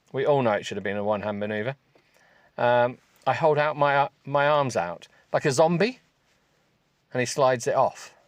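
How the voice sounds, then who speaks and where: A male podcast host reading a text aloud for comedy, stopping to mock it with sarcastic asides and breaking into high giggles. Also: dry recording. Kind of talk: comic reading with running commentary.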